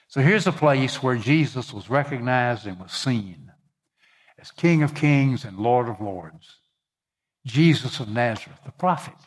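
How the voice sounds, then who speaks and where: A man's voice: medium pitch, lively intonation, a little slow, husky. A man preaching a sermon, reading scripture and speaking conversationally with fillers. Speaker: pastor.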